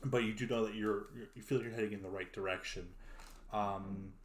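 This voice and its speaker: A man's voice: on the low side, fairly even intonation, brisk, roomy sound. A man narrating as game master in a tabletop game, laid-back and loose, with lots of ums.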